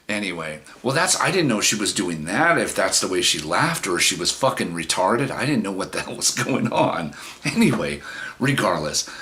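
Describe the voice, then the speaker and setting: A man's voice: low voice, sharp tone. A middle-aged man telling a personal story in a rambling, frank and profane way, with many restarts. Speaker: vlogger. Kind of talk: casual storytelling monologue.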